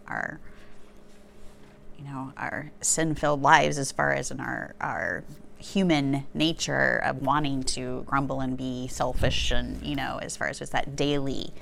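A woman's voice: a bass voice, steady tone, vocal fry, fairly bright tone, a little hiss or hum. A woman leading a casual Bible study discussion, reading a question aloud and searching for her words as she talks. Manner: searching, halting phrasing.

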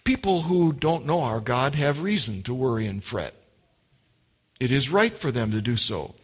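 A man preaching a sermon, slow and deliberate, stressing key words by repeating them. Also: medium pitch, sing-song, a bit bright, husky. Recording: long hall reverb.

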